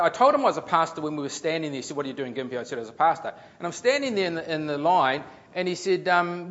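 Chatty New pastor, lo-fi. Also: male voice, on the high side. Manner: chatty, rambling storyteller with frequent restarts and fillers. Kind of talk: sermon storytelling.

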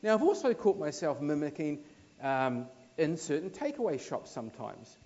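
A man from New Zealand with a New Zealand accent, preaching a sermon in a conversational, anecdotal way, with emphatic swells that drop to soft asides. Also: on the high side, sing-song, normal speed, lo-fi sound.

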